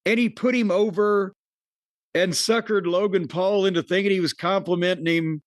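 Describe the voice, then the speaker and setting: A man's voice: high voice, fairly even intonation, normal speed, no echo. A man hosting a podcast, giving profane, opinionated reviews of a wrestling show with dry jokes. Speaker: podcast host. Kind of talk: casual wrestling review chat.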